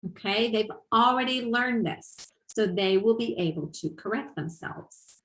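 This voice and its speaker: A woman's voice: a little high, a little slow, roomy sound, low-quality recording. A middle-aged woman presenting at a teaching conference, explaining ideas and asking her audience rhetorical questions. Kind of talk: webinar lecture.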